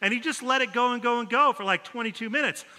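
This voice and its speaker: A man preaches in a relaxed, storytelling way, slipping in self-deprecating jokes. His voice sits high and rings very bright. The sound carries the long reverb of a church sanctuary. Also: fast. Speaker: pastor. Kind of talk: conversational sermon with stories.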